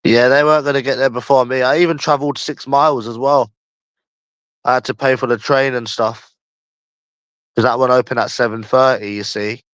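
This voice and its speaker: A man with a London accent hosts a casual livestream chat, rambling and repeating himself, sometimes dragging his words out slowly, with slang and swearing. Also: medium pitch, fairly even intonation, a bit bright, no echo. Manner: rambling and repetitive, often slow and drawn out, with slang and swearing. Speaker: livestream host.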